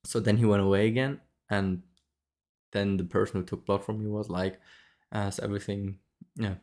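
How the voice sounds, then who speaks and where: Low-voiced man telling a story casually. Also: steady tone, normal speed, darkish tone. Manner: rambling, many fillers and restarts, frequent laughs. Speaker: vlogger.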